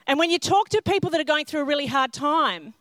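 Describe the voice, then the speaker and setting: High-voiced woman preaching. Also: fast talker, dry recording. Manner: self-mocking humorous storytelling; animated, acts out scenes in character. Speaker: pastor. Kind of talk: sermon.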